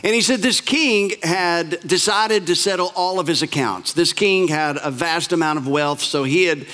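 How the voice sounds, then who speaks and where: A male pastor retelling a parable in a sermon, emphatic and repetitive, slowing down on key words. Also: on the high side, pushed and bright. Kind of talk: sermon storytelling.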